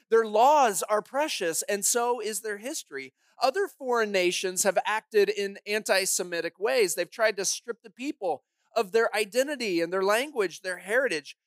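A woman's voice: medium pitch, dry recording. Woman pastor, sermon, dramatic emphatic storyteller, dry close recording. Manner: dramatic, emphatic storytelling with pointed rhetorical questions.

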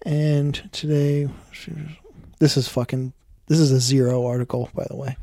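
A man's voice: mid-range voice, level tone, moderate pace, dark tone, no echo. Man, comedy podcast co-host, dry jokes, reads news aloud, close dry sound. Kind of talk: casual comedy podcast chat.

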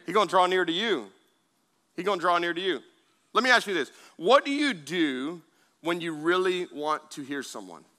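Male pastor, very bright voice, fairly high pitch, chatty sermon delivery, repeats words as he goes. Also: animated, moderate pace. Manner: conversational preaching with asides and repeated words.

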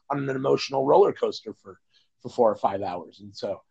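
A man co-hosting a casual movie podcast, speaking reflectively with many pauses and fillers. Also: mid-range voice, vocal fry, breathy edge, muffled recording. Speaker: podcast co-host. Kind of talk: casual chat.

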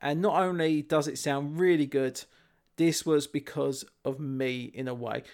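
A man's voice: on the high side, fairly even intonation, a little slow, darkish tone. A man, co-hosting a casual chat and telling stories animatedly, swearing and laughing. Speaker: podcast co-host.

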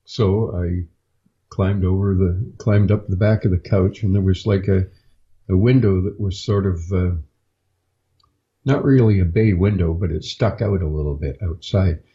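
A man, a podcast guest, recounting a personal experience in a halting, unhurried way with frequent pauses, on a dull lo-fi recording. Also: low voice, dark tone. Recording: dull lo-fi sound.

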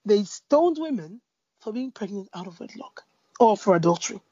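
A woman speaking about faith in a conversation, telling a parable with lively storytelling, fillers and restarts. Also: medium pitch, normal speed, husky, no echo, dull audio. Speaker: Christian speaker. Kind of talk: preaching in a conversation.

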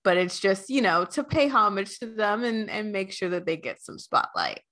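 A woman co-hosting a podcast, chatting casually and chiming in with quick agreement. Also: medium pitch, sing-song, a bit bright. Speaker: podcast co-host. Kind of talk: casual chat.

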